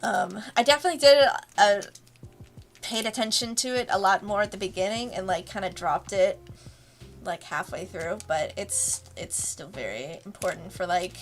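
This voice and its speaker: A woman's voice: medium pitch, normal speed, faint music behind. A woman, a webcomic creator, giving a casual, rambling commentary and laughing often between thoughts. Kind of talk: casual director's commentary stream.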